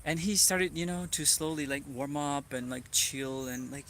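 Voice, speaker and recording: Brazilian guy rambling earnestly in a vlog, bright clear voice, lots of "like". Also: medium pitch, normal speed, few pauses, a little hiss or hum. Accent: Brazilian Portuguese. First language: Portuguese. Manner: rambling, earnest, many "like" fillers. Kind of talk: reflective personal vlog monologue.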